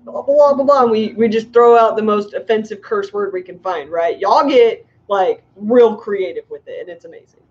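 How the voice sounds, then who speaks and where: A woman's voice: medium pitch, normal speed, few pauses, a little mellow. Chatty middle-aged woman, muffled. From United States. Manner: chatty, giggly, rambling with many likes. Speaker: fishkeeping livestream host. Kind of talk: casual livestream chat reading comments. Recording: muffled lo-fi stream audio.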